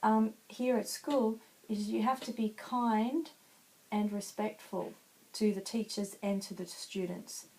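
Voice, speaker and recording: A helpful schoolchild from a spoken children's story, as a woman voices them, explaining manners plainly. The voice is mellow and soft. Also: mid-range voice, steady tone, slow pace, low-quality recording.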